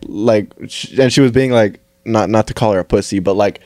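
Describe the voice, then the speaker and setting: A young man co-hosting a podcast, talking in halting, profane casual speech full of fillers. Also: lowish voice, darkish tone, no echo. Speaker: podcast co-host. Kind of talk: casual chat.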